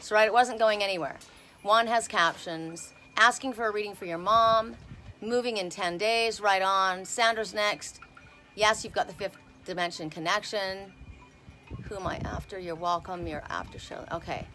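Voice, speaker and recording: A woman's voice: mid-range voice, moderate pace, pushed and bright, slight background noise. A woman reading oracle cards on a casual live stream outdoors, talking bluntly and swearing freely. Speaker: oracle card reader.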